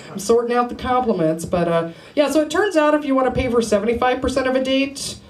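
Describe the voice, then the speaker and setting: A woman's voice: high-pitched, lively intonation, normal speed. A woman performing a stand-up comedy set at an open mic, playful and laughing at her own jokes. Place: small bar open mic. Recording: noisy live room recording.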